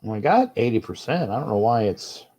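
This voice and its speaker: A man's voice: mid-range voice, very animated, fairly quick, dark tone, breathy edge. A man hosting a casual livestream from home, grumbling and irritated, often repeating and restarting his phrases. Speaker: livestream host.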